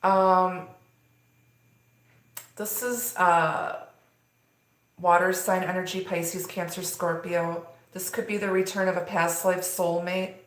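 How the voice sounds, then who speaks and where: A woman's voice: fairly low pitch, flat delivery, slow, pauses often. A woman giving a live tarot reading, talking in a rambling way with many fillers. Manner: rambling, filler-heavy delivery. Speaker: tarot reader. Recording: echoey room.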